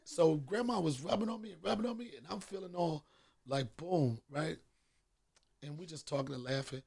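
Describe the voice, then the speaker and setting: A man's voice: on the high side, normal speed, gravelly, mellow, slightly rough. A middle-aged man hosting a podcast, telling a profane comic story with lots of animation and acted-out voices. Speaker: podcast host. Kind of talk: comedic storytelling.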